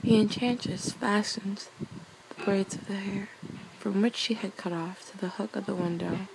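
A young woman reading a fairy tale aloud as a bedtime story, softly and casually, laughing at her own slips. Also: mid-range voice, steady tone, moderate pace, creaky, noisy background.

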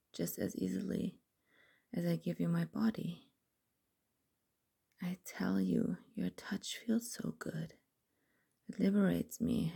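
A young adult woman telling an intimate first-person story in whispered role-play, slow and breathy. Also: lowish voice, mellow.

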